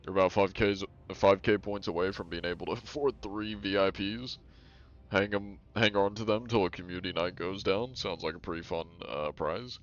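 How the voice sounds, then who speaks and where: A man's voice: low voice, normal speed, muffled recording. A man streaming a game live, chatting in a rambling, laid-back way with small chuckles. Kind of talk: casual live-stream chat.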